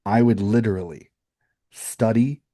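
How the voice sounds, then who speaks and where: Deep, dark-voiced man on a sports podcast. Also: unhurried, no echo, studio quality. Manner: opinionated, rambling with restarts. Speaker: podcast co-host. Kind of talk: casual sports podcast chat.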